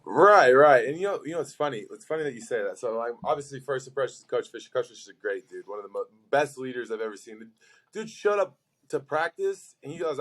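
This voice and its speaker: Young guy on a sports podcast, casual, keeps saying like and you know, mid pitch. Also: fast. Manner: animated, lots of "like" and "you know" fillers. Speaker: guest, pro football player. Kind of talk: casual storytelling.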